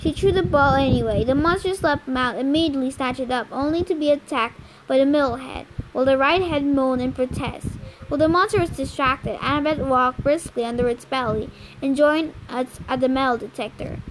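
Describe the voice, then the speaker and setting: High-voiced woman reading a novel aloud. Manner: careful, unhurried reading with slips and rereads. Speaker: amateur reader. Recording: noisy home recording with clicks.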